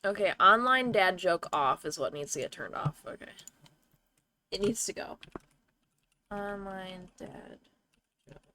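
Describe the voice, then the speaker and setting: A woman's voice: on the low side, animated, normal speed, pushed and bright, slight background noise. A young woman streaming from home, chatting casually with her viewers, swearing freely and breaking into laughter. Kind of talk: casual livestream chat.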